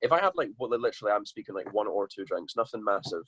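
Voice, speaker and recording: A man's voice: lowish voice, animated, quick pace, fairly bright tone, husky. A Scottish man telling a rambling, sweary tour story as a podcast guest, with lots of restarts. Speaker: guest musician.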